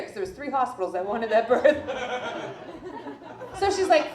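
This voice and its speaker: A woman's voice: mid-range voice, normal speed, a crowd in the background. A female comedian telling a story on stage in a blunt, profane, self-mocking way. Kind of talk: stand-up storytelling. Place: live comedy venue. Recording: echoey room with faint ambience.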